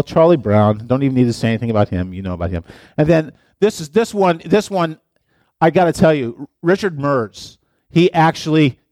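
A middle-aged pastor with a medium-pitched, slightly mellow voice gives a playful, chatty sermon, speaking directly to his listeners. The recording is dry and clean, studio quality.

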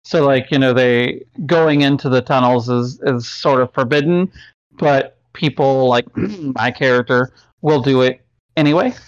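A man's voice: mid-range voice, a little slow, no echo. A man playing in a tabletop game, chatting casually and filling his sentences with likes and you-knows. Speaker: player. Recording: slightly dull muffled audio.

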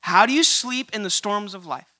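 High, bright-voiced preacher man. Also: lively intonation, normal speed. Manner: rising to loud emphatic peaks, repeating key lines. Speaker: pastor. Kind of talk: sermon.

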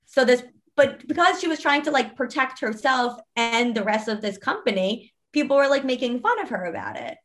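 A woman's voice: fairly high pitch, big pitch swings, normal speed, a bit bright. Chatty young woman guest. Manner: chatty, heavy use of "like". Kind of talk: casual interview storytelling.

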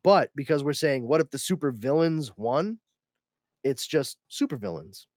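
A man's voice: a little high, lively intonation, moderate pace, darkish tone, no room sound. A man co-hosting a podcast in casual chat, joking, laughing often and swearing freely into a close mic. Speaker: podcast co-host.

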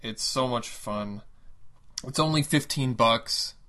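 A man co-hosting a casual gaming podcast, mid-pitched and easygoing. He rambles with excitement about games and cracks jokes with his co-host. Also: takes it slowly. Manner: enthusiastic, jokey, rambling.

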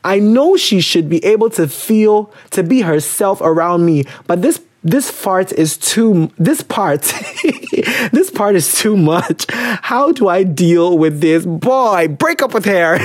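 A podcast host, chatting casually, animated and theatrical, often breaking into laughter. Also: mid-range voice, slow pace.

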